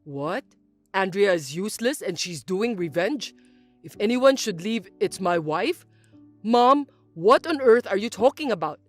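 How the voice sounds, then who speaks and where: A patient grown son, voiced by a woman, explains things in a lowered, even tone. Faint music sits underneath the story narration. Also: measured pace. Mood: shocked. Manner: low, patient and reasoning. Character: calm grown son and husband, young man. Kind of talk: scripted story voice-acting.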